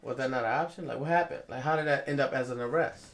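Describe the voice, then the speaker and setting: A man's voice: medium pitch, fast talker. A man interviewing a guest in a casual talk, nudging him along with short questions and stammering starts.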